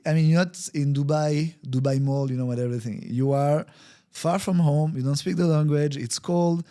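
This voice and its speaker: A man's voice: a little high, fairly even intonation, normal speed, mellow. A man, a guest on a podcast, telling a story in conversation. He acts out the scenes with quoted voices, uses non-native phrasing, and often restarts his sentences. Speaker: podcast guest, wellbeing consultant.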